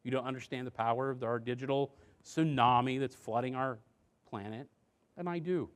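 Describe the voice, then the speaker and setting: A man talks to a live audience in a relaxed, conversational way, tossing out rhetorical questions as he goes. His voice sits in an ordinary middle pitch and drops soft and low when he makes an earnest point. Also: normal speed. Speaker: presenter on parenting and addiction.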